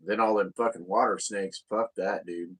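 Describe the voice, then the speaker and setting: A man's voice: fairly low pitch, steady tone, normal speed, a bit bright, slightly rough. A man, co-hosting a casual podcast chat, crude and boastful, often laughing at his own jokes. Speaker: podcast co-host.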